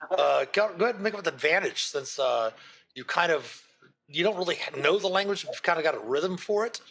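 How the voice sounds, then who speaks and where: A man's voice: on the high side, animated, fairly quick, a bit bright. A man narrating as game master in a loose style full of fillers.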